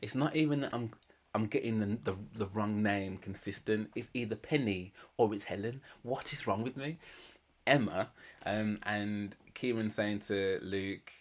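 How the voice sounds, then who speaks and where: A man's voice: on the low side, measured pace. A man giving casual, slangy reaction commentary on a reality show, retelling scenes with laughs. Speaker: reaction channel host.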